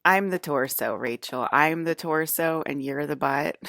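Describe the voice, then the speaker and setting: A woman's voice: low-pitched, unhurried, creaky, a bit bright, no room sound. A woman talking straight to her viewers in a loose, rambling monologue, swearing freely and laughing often. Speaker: vlogger.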